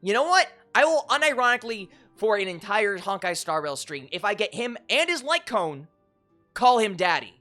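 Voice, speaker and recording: An excitable streamer talking casually on a live stream, with a bright voice and a lively swing in pitch. The talk is joking and crude, jumping high and loud when worked up. Faint game music sits under the voice. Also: normal speed.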